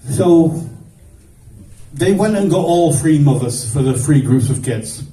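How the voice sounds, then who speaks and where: A man doing stand-up, telling a rambling childhood story with lots of swearing and quick voices for the people in it. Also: medium pitch, warm tone, far from the mic. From grew up in the 1970s. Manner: swearing, rambling anecdotal delivery with voiced characters. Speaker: stand-up comedian. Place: stage at a comedy show. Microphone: phone filming from the audience. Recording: roomy phone recording from afar.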